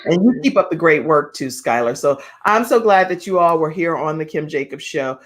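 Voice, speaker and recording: A woman's voice: low-pitched, expressive, normal speed. A woman hosting an online talk show, chatty and encouraging, often breaking into laughter.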